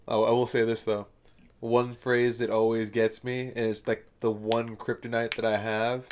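A man's voice: mid-range voice, little pitch movement, normal speed, a little mellow, smooth. A man co-hosting a casual chat, rambling and profane, laughing often. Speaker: podcast co-host.

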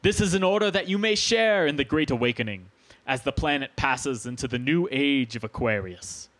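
Guy reading out a solemn alien envoy talking to earth, slow and grave, medium voice. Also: mid-range voice, expressive, fairly bright tone, lightly acted. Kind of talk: podcast reading of a message.

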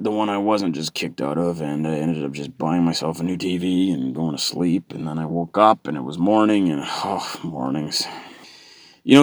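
A man doing a sarcastic stand-up comedy routine, ranting with sudden shouted outbursts. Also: low-pitched, dry recording, clean studio sound.

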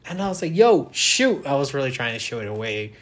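Young man, podcast co-host, casual rambling storytelling, laughs a lot, average pitch. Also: animated, very fast, a bit bright. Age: young adult. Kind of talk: casual chat.

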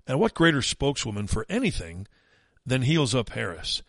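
A man's voice: medium pitch, sing-song, normal speed, a bit bright, dry recording. Guy doing a fired-up talk radio rant, sneering and emphatic, really dry booth sound. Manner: combative, mocking, emphatic. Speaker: radio talk show host. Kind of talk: opinionated talk radio monologue.

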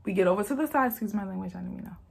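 Racing along in a medium-pitched voice with vocal fry and a breathy edge, a young vlogger shares a casual storytime. She talks to viewers as "y'all," chats freely, and performs each quote.

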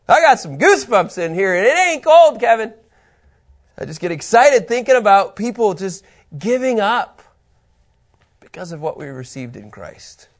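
Man, middle-aged, Bible teacher, high voice, lively swooping delivery, casual. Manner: animated, laughing, rambling with fillers.

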